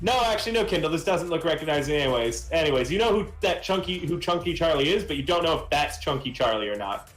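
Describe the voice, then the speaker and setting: A man's voice: fairly high pitch, animated, fast talker, hardly any pauses, fairly bright tone, roomy sound, soft background music, low-quality recording. A man narrating as game master of a tabletop game, rambling with restarts. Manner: rambling, many fillers and restarts.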